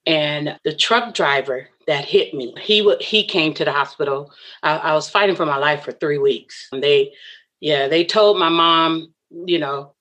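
Low-voiced woman telling an earnest story. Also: measured pace, a bit bright. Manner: earnest, emotional, often voices what others said. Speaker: interview guest. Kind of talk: personal storytelling.

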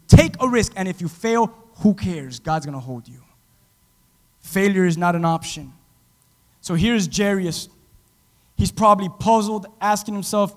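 A man preaching a sermon as pastor, dramatic, swinging from loud to hushed and acting out quotes. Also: sits high, normal speed, big-room sound. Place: church.

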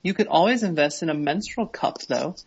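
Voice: medium pitch, expressive, a little fast, husky, dull audio. A co-host in a casual chat, reading comments and giving dry, skeptical retorts.

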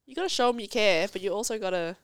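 A woman's voice: mid-range voice, fast, clean tone, no echo. A woman in her thirties, a podcast guest chatting casually and telling stories with laughter and expression. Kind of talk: casual chat.

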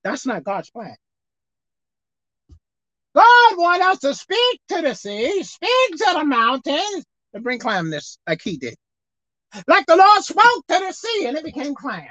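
Woman preaching on tv, high bright voice jumping around, dry close sound. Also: measured pace, dry recording, rough recording. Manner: animated, swings between loud exclaiming and low murmuring. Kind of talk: televised sermon.

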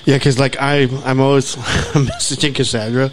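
Middle-aged man, relaxed podcast host, casual chat, slight hiss behind. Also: mid-range voice, moderate pace. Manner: relaxed, laid-back storytelling.

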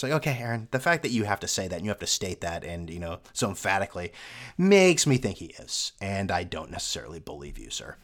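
A man's voice: deep voice, very animated, quick pace, a bit bright. A young man hosting a solo sports podcast, ranting in a sarcastic, mocking way. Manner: sarcastic, mocking, with mimicked fan voices. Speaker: podcast host.

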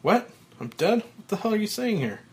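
Man reading as a high-strung middle-aged executive, frantic and shouting, pitched up. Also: expressive, normal speed, vocal fry. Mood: panicked disbelief.

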